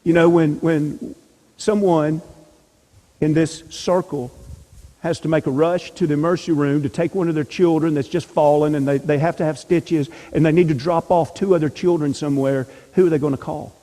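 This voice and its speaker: Mellow man teaching a church class. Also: on the high side, steady tone, moderate pace. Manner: emphatic, asks rhetorical questions. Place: church meeting room. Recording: long hall reverb.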